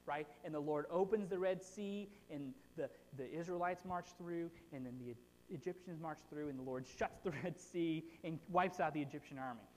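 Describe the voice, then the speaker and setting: A preacher giving a casual, conversational sermon, retelling a story in a chatty, animated way and checking in with the audience by asking "right?". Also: mid-range voice, moderate pace, a little hiss or hum. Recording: long hall reverb.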